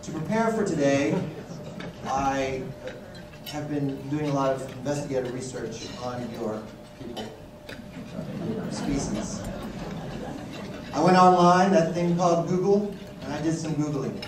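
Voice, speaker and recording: A man's voice: on the high side, moderate pace. A man performing a stand-up comedy routine, teasing the audience. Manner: teasing, mock-accusing the audience. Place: large conference hall. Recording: echoey hall, distant mic, noisy.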